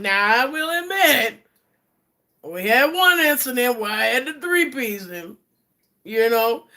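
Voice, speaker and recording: A woman, chatting bluntly and profanely to a live-stream audience, sometimes dropping to a low, quiet voice. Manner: blunt and profane, with quoted asides; drops to a low, quiet voice in places. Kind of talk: casual live-stream chat.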